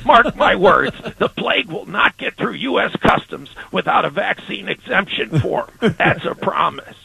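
A gravelly, strained health official. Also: male voice, high voice, animated, unhurried, pushed and bright, full character voice, low-quality recording. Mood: earnest. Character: strained, raspy male health secretary, rambling and odd.

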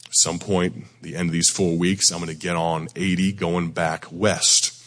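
Hoarse male preacher, very low and deep, folksy and self-deprecating, talking to a congregation. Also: level tone, normal speed, fairly bright tone, big-room sound. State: hoarse, near losing his voice. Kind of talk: sermon. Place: church sanctuary before a congregation.

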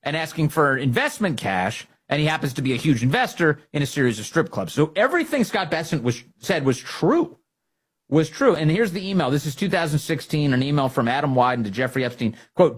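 A male opinion host with a husky, slightly rough voice at an ordinary pitch. His delivery is sarcastic and mocking, and he chuckles at the people he talks about. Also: very animated, fairly quick. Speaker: political commentary host. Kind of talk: opinion commentary.

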